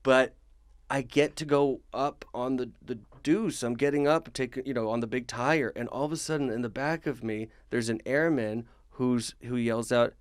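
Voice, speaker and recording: A young man, a comedian guest on a podcast, telling a story in a lively way, laughing often and acting out his own shouting. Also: mid-range voice, normal speed, clean tone, no room sound, studio quality. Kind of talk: casual storytelling.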